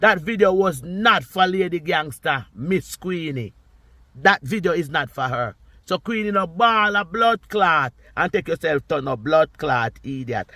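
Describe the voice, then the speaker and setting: A man in his sixties with a Jamaican accent, ranting and scolding in a repetitive vlog monologue, swinging between loud outbursts and low muttering. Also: animated, measured pace, no room sound. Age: 60s. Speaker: vlogger. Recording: street traffic noise behind. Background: passing cars.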